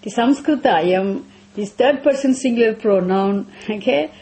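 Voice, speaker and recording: A woman's voice: fairly high pitch, moderate pace, warm tone. A woman teaching a scripture class, repeating phrases, asking rhetorical questions and chanting verses.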